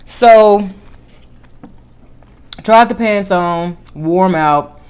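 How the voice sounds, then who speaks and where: A woman vlogger telling a personal story in casual chat, animated, with lively swings in pitch and volume. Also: extremely slow, clean tone.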